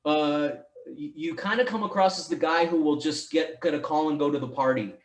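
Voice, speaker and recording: A man's voice: a little high, a little fast, echoey room. A man hosting a podcast in casual chat, rambling and restarting his sentences, swearing now and then. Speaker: podcast host.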